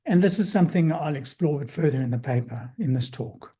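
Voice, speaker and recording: Man, psychologist, lecture talk, fairly high voice, husky tone, measured with pauses and restarts. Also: expressive, warm tone.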